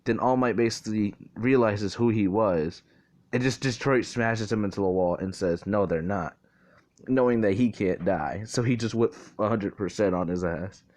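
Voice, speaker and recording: A man's voice: lowish voice, moderate pace, darkish tone. A man casually retelling a fan story, rambling and swearing, with many fillers. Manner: rambling, profane, full of fillers like "basically" and "like".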